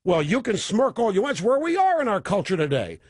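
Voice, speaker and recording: A male radio host riffs through a sarcastic, opinionated monologue with mocking asides. His voice sits high and swings widely in pitch, with a husky grain. The sound is close and dry. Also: huge pitch swings, a little fast, no room sound. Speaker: radio talk show host.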